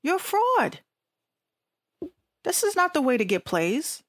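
A woman's voice: sits high, huge pitch swings, slow, no echo, clean studio sound. A woman with a Bronx accent hosting an online radio show, ranting bluntly and profanely in casual talk.

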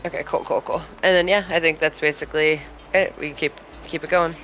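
A laid-back man playing a tabletop game, easygoing and quick to laugh. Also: fairly high pitch, fairly even intonation, sharp tone. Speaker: player. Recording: dull lo-fi recording.

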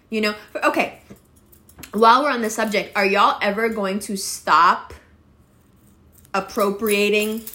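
A woman's voice: mid-range voice, fairly bright tone. A woman ranting to camera, blunt and confrontational, with heavy profanity. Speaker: vlogger. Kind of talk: angry rant to camera.

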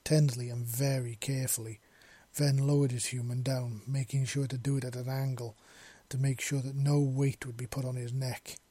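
Male narrator of a romance story with a dark, mellow, husky tone and an even delivery. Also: medium pitch, moderate pace, few pauses, dry recording.

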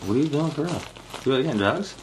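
A man's voice: a little high, animated, racing, noisy background. Laughing, crude young man host. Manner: crude, jokey, laughs often, squeamish. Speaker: podcast host. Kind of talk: casual chat.

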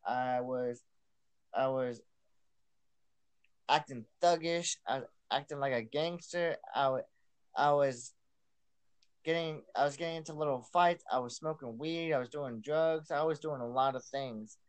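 A man's voice: medium pitch, a little slow, pauses often, clear, resonant tone. A young man sharing his personal testimony as a podcast guest, earnest and repeating himself, restarting lines as he goes.

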